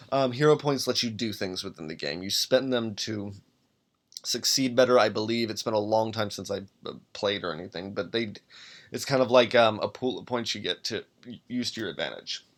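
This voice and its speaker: Guy on a podcast rambling thru character creation, lots of ums, kinda halting. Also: lowish voice. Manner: thinking aloud, many ums and restarts. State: has the hiccups. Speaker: podcast host making a character. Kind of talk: casual solo walkthrough.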